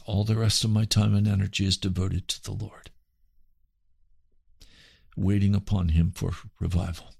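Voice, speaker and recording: A man's voice: low-pitched, little pitch movement, normal speed, vocal fry, pauses often, darkish tone, husky, no room sound. A man preaching on his radio broadcast, earnest and pleading, often repeating phrases. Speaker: radio pastor. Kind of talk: radio sermon.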